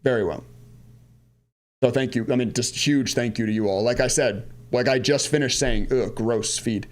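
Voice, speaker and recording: A man's voice: medium pitch, moderate pace. A man in his thirties from the Washington DC area, chatting casually on a trading live stream, rambling, answering viewer chat and laughing at himself. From United States, Washington DC area. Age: 30s. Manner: laughs at himself, goes off on tangents.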